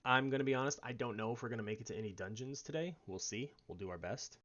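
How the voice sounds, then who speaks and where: Man giving low-key game commentary. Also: fast talker, a bit bright, lo-fi sound. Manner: self-deprecating asides, low-key. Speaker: game streamer. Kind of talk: casual let's-play commentary.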